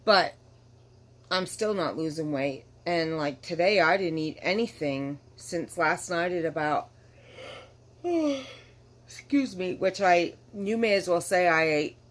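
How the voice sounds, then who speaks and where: A tired middle-aged woman vlogs candidly to her camera, rambling and apologizing, with the occasional yawn. She speaks in a deep, unhurried voice.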